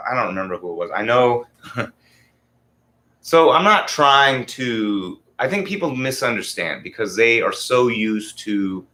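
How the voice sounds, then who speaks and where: With a lowish voice and a sharp tone, a man in his 40s hosts a podcast and launches into a heated, casual rant full of swearing.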